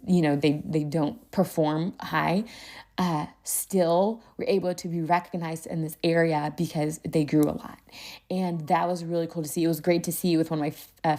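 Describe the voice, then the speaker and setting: A young woman, a teacher hosting a podcast and telling classroom stories in a casual, animated way, often laughing and talking to listeners as "y'all". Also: fairly low pitch. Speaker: podcast host and first grade teacher. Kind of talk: casual storytelling.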